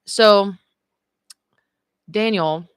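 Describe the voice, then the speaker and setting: A woman's voice: mid-range voice, extremely slow, clear, resonant tone, no echo. Chatty woman telling a story, dry sound. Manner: chatty, full of "like" and "you know" fillers; laughs often while telling the story. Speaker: livestream host. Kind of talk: casual live-stream storytelling.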